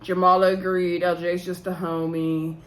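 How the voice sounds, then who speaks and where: A woman's voice: on the low side, little pitch movement, moderate pace. A woman giving a chatty, gossipy recap of a reality TV episode, rambling with fillers and self-corrections and laughing at the drama.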